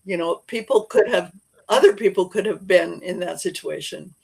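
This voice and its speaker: A podcast host interviewing a guest in a casual chat, encouraging her with frequent short affirmations and soft asides. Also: mid-range voice, normal speed, vocal fry, slightly rough, poor audio.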